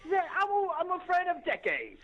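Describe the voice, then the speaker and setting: A very high, swooping voice comes through faintly and from a distance. The caller speaks hesitantly, stopping and starting. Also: huge pitch swings, a bit bright, highs cut off. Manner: hesitant and halting.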